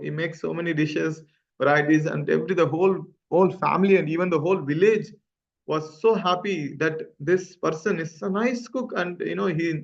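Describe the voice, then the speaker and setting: A man's voice: fairly high pitch, gravelly, dull audio. A man teaching an online scripture class, telling a story casually with many fillers, over a video call. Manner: conversational, many "you know" fillers.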